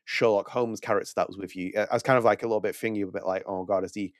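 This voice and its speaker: A man's voice: fairly low pitch, fairly even intonation, rapid-fire, dry recording, studio quality. A man co-hosting a podcast, reviewing a game in casual chat, rambling with restarts and quoted asides. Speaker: podcast co-host.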